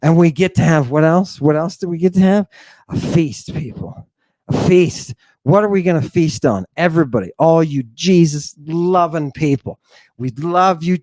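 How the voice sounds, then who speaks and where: A man's voice: fairly high pitch, lively intonation, mellow, no room sound. A man hosting a talk show, giving theatrical commentary on scripture with mocking, preacher-like calls to his audience and many rhetorical questions. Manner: rhetorical questions, drawn-out emphasis. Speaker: podcast host.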